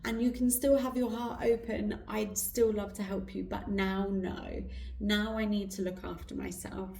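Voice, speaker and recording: A woman giving an intuitive card reading in a slow, soft, reflective way with pauses, her throat going hoarse, recorded indoors. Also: medium pitch, flat delivery. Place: indoor room with incense burning. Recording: roomy, distant mic.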